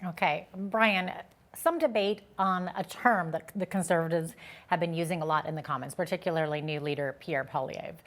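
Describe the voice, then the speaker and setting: A woman anchors a news interview with a somewhat low voice. She asks her questions in a friendly, measured way and keeps the exchange moving.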